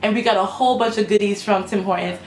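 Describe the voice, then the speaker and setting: A young woman chats through a story time straight to her camera, filling her sentences with "like" and "you know". Her voice sits at an ordinary pitch for a woman. The room is echoey, with a faint hum behind her. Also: fast talker. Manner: animated, lots of "like" and "you know". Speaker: vlogger telling a story time. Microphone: camera mic.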